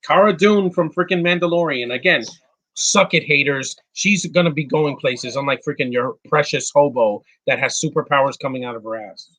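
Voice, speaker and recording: Giving casual live commentary on a movie, this man answers chat questions bluntly, often restarting and using fillers, and comes across as opinionated and insulting. His voice is on the high side and fairly bright, at a normal speed.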